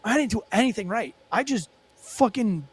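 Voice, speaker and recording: Man, high voice, podcast guest, animated storytelling, profane, lots of fillers. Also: normal speed, breathy edge. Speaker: former police officer and podcast guest. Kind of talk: storytelling in a casual podcast interview.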